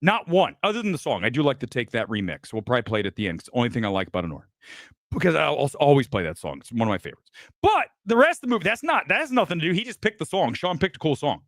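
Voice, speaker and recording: A man's voice: medium pitch, wildly swooping pitch, very fast, fairly bright tone, no echo, studio quality. A man hosting a live reaction stream as a film critic, ranting bluntly and boastfully, swearing often and challenging his viewers to prove him wrong.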